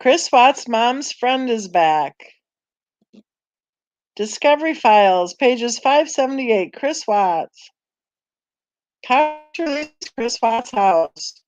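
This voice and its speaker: A woman's voice: a little high, expressive, takes it slowly, long pauses, darkish tone, no echo. A woman hosting a casual live-stream chat on a true crime channel, rambling and thinking aloud as she browses, sighing and sounding tired.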